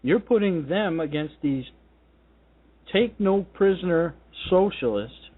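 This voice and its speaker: Guy ranting on talk radio, combative, kinda high voice, sounds like over a phone line. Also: animated, takes it slowly. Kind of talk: political talk radio monologue.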